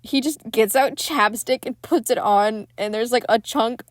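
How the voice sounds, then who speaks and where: A woman's voice: a little high, a little slow, no room sound. Casual woman recapping a film, dry sound. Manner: chatty, profane, animated retelling. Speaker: podcast host.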